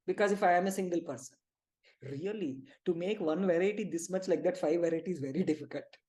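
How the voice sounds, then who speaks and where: Mellow-voiced Indian woman teaching. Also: on the low side, a little fast. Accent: Indian English. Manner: lively, emphatic storytelling with quoted dialogue. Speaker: spiritual healing group leader. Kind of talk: spiritual teaching talk.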